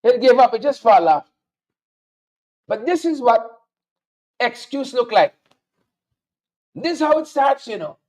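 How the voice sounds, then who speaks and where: Guyanese guy ranting on his show, real high voice that jumps all over, sarcastic and mocking. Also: sing-song, measured pace, pauses often, darkish tone. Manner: sarcastic, mocking, repeats lines for emphasis. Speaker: show host. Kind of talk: political commentary monologue.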